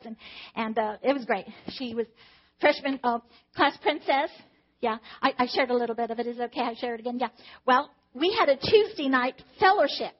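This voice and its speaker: A middle-aged mother sharing a personal testimony about her children, emotional and animated, acting out the dialogue. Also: sits high. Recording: dull lo-fi recording.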